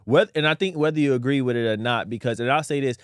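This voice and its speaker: A young man hosts a conversational interview and talks quickly. His voice is smooth and resonant, and he often affirms his guest with short replies. The sound is dry and close. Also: medium pitch, dry recording. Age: young adult. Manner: quick, direct, frequent affirmations. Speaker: podcast host.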